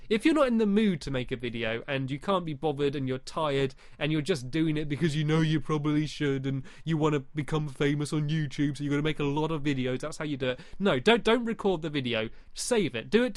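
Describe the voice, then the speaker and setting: A man's voice: fairly high pitch, a little fast, hardly any pauses, no echo, clean studio sound. A man hosting a podcast, giving casual advice in a chatty, rambling way full of fillers. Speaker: podcast host.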